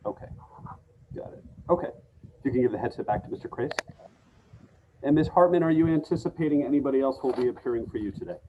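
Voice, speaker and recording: A man presiding as a judge over a remote court hearing, speaking formally and at a measured pace, with frequent filler pauses. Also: mid-range voice, animated, narrow, tinny audio, noisy background.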